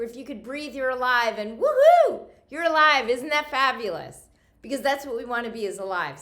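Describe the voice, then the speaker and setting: A woman guiding a self-help talk as a coach, gentle and encouraging, often repeating phrases for emphasis. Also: a little high. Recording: echoey room.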